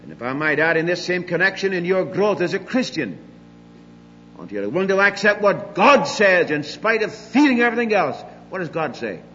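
An older man preaching a sermon, emphatic, moving between loud declarations and quiet asides. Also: high voice, sing-song, fairly quick, long reverb tail, dull audio, a little hiss or hum.

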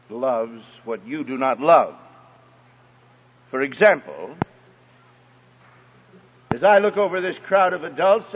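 A man telling a personal story in an emphatic sermon style and speaking straight to the parents in his audience. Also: high-pitched. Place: hall with an audience. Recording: echoey hall, dull lo-fi sound.

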